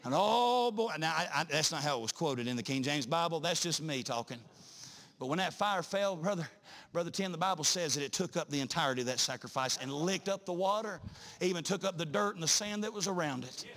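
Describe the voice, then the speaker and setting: A male preacher, delivering a sermon in a chanting style full of "uh" breaks, rising at times to shouts. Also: fairly high pitch, animated, a little fast.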